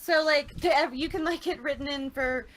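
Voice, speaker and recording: A woman's voice: high-pitched, a little fast, a bit bright, slight background noise. A woman talking casually as an interview guest, chatty and laughing often. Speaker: interview guest, online show producer. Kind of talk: casual chat.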